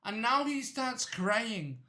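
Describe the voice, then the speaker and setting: High, bright-voiced male streamer, slow and rambling, goofy riffs. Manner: excitable, rambling, goofy storytelling. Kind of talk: reaction stream commentary.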